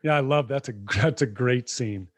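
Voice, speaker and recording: A man co-hosting a podcast, retelling film scenes in a lively conversational way. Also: mid-range voice, moderate pace, no room sound, clean studio sound. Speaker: podcast co-host. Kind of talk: casual conversation.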